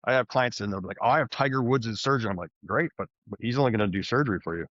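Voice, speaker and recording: A man telling his story as a podcast guest, animated and conversational, often restarting his sentences. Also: on the low side, racing, dry recording. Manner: animated, frequent restarts and fillers. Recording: dull, slightly muffled podcast audio.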